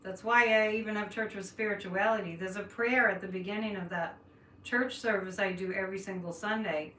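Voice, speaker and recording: This Boston-area woman, speaking with a light accent, is a psychic reading cards for livestream viewers, chatting, laughing often, and thinking aloud. Her medium-pitched voice is pushed and bright, fairly even, and a little fast. Expect an echoey room, distant mic, and faint noise.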